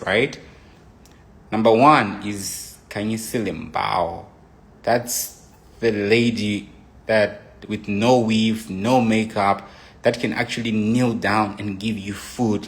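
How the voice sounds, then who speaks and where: A man's voice: fairly low pitch, slow pace, fairly bright tone. A young man casually recounting a relationship story, rambling with restarts and frequent "you know" asides. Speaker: boyfriend telling his side of a relationship story.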